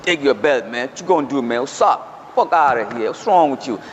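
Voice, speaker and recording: A man's voice: medium pitch, animated, fairly quick, close to an everyday voice. A man doing a bullying older prison inmate. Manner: demanding, streetwise slang. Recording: dull lo-fi hall reverb, faint noise.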